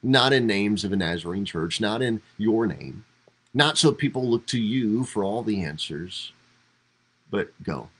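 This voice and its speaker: A man's voice: on the low side, animated, unhurried, husky, low-quality recording. A man teaching a devotional Bible study as a pastor, talking conversationally and acting out quoted lines with rising emphasis. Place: church livestream.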